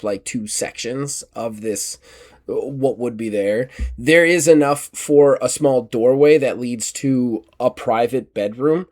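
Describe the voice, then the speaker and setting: A man's voice: medium pitch, darkish tone. Rambling male game master. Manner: rambling, full of fillers and restarts. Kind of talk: narrating a tabletop game.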